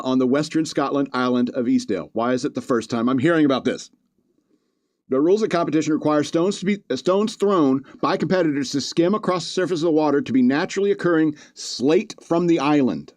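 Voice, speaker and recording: A podcast host with a slightly high, darkish voice and no room sound reads news stories aloud in a casual, comedic way, adding joking asides and chuckling often.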